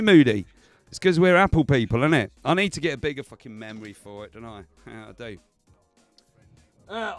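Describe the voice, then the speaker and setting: A man's voice: medium pitch, no echo. Swearing man chatting on stream. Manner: swearing, chatty, laughs often. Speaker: livestream host. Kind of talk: casual stream chat.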